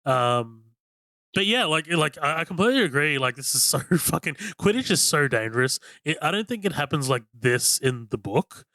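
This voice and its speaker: A man's voice: fairly high pitch, very animated, normal speed, sharp tone, dry recording. A man co-hosting a casual film-review podcast, rambling enthusiastically with lots of "like" and cheerful swearing. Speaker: podcast co-host.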